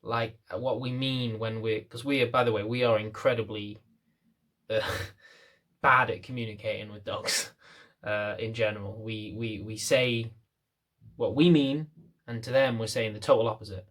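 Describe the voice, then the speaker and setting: A man's voice: lowish voice, steady tone, normal speed, a bit bright. Chatty man teaching about dogs. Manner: casual and conversational, with many fillers and restarts. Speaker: dog trainer. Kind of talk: unedited talk to camera. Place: indoors, seated in a chair.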